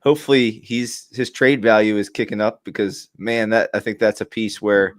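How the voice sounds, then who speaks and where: A man's voice: fairly low pitch, steady tone, moderate pace, no room sound. A man co-hosting a casual sports podcast, easygoing and upbeat. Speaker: podcast co-host.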